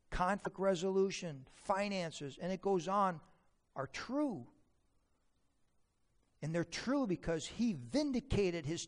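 A man preaching a sermon, emphatic, asking rhetorical questions and quoting scripture. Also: sits high. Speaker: pastor.

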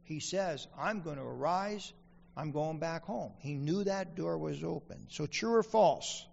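A man's voice: fairly high pitch, unhurried, vocal fry, darkish tone, husky, in a large hall, lo-fi sound. A man preaching a sermon as pastor, asking the congregation questions and repeating key lines for emphasis. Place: church sanctuary.

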